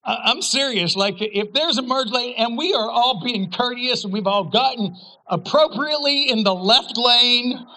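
Lively, animated man preaching a sermon. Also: extremely high pitch, moderate pace, low-quality recording. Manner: animated, humorous storytelling with sudden loud outbursts. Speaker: pastor.

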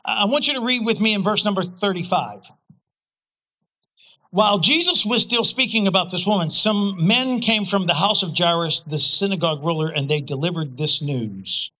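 Pastor guy preaching, high bright voice, jokey storyteller who suddenly gets loud. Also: moderate pace, poor audio. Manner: animated, humorous storytelling with sudden loud outbursts. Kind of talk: sermon.

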